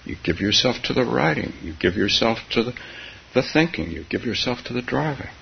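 A man giving a relaxed dharma talk, his low voice gravelly and swinging widely in pitch. He speaks softly and haltingly, breaking into small laughs between phrases. The recording is dull and faintly hissy. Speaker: meditation teacher.

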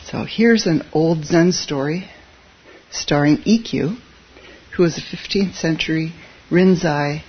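A Zen teacher giving a relaxed, conversational dharma talk, chuckling at their own asides. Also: medium pitch, slow pace, breathy edge, lo-fi sound.

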